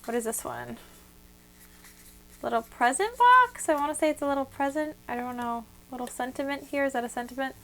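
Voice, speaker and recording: A young woman with a smooth, slightly high voice, talking casually and gushing with lots of fillers as she unboxes craft gifts. She sounds a little out of breath, chatting at her desk at home. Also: lively intonation, a little fast, a bit bright. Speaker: craft vlogger.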